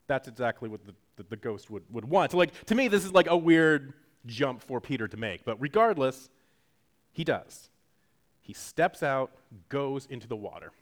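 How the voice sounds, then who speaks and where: A man's voice: medium pitch, animated, moderate pace. A man preaching a sermon in a casual, jokey teaching style, acting out quotes as he goes. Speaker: pastor.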